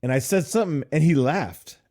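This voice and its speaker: Podcast co-host from Nashville, middle-aged man, relaxed mellow voice, animated storyteller. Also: fairly high pitch, a little fast. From Nashville, USA. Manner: animated storytelling, laughs often. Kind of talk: casual chat.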